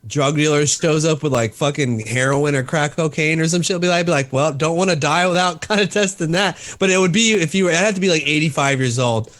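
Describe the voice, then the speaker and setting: A man's voice: a little high, fast talker, few pauses, a bit bright. Swearing podcast host in his thirties. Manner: blunt, swears, laughs a lot. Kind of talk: casual chat.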